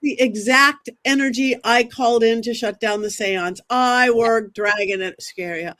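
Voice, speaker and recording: A woman, a psychic medium as a guest, telling a dramatic story in an animated way and acting out what people said. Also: a little high, unhurried. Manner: excitable, quotes herself and others in dramatic asides.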